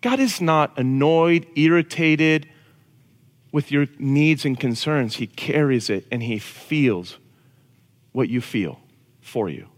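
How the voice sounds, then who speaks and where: A man preaching a casual, animated sermon to a congregation. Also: on the high side, takes it slowly. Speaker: pastor. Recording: long reverb of a large hall.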